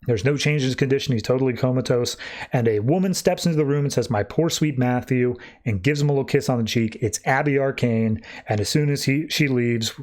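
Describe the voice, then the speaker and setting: A man's voice: medium pitch, fast talker. A man hosting a podcast, recapping a comic in a casual, irreverent way and acting out the dialogue. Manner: animated, irreverent, acts out dialogue. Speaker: podcast host.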